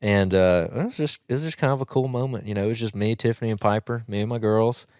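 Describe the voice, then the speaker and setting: A man with a Southern US accent hosting a podcast, telling a hunting story in rambling, animated casual chat with frequent laughs. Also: lowish voice, fast talker, no echo, clean studio sound. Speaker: podcast host.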